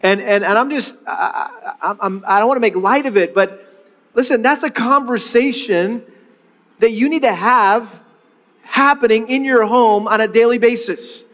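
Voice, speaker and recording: High-voiced preacher in a reverberant hall. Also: male voice, normal speed, fairly bright tone. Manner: leads the congregation in call-and-response repetition; conversational, with frequent restarts and rhetorical questions. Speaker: pastor. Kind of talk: sermon. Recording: long reverb of a large hall.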